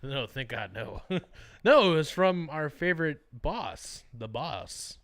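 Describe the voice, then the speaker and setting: A man's voice: fairly high pitch, slow. A young man co-hosting a casual podcast, telling stories with lots of swearing and laughter. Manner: animated storytelling, swearing, laughing often. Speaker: podcast co-host.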